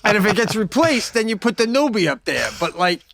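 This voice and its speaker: A man co-hosting a comedy radio call-in show, excitable and loose, laughing and swearing as he banters. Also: sits high, a little fast, gravelly, a little hiss or hum. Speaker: co-host.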